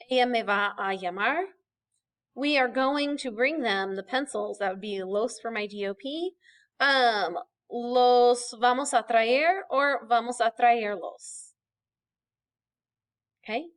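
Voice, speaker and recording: A young woman teaching a recorded lesson, explaining patiently step by step and checking in with frequent "okay"s. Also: on the high side. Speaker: Spanish teacher.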